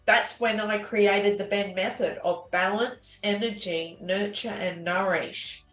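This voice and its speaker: A woman telling her personal story as an interview guest, earnest and halting, with many restarts and fillers. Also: medium pitch, steady tone, a bit bright. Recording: echoey room with faint music.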